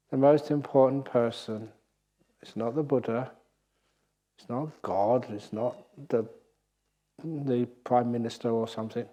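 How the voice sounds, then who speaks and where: Male monk, retreat talk, animated storyteller, mid-pitched voice. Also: unhurried, long pauses. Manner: lively storytelling, laughs at own jokes. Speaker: Buddhist monk teacher. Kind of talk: dharma talk at a meditation retreat.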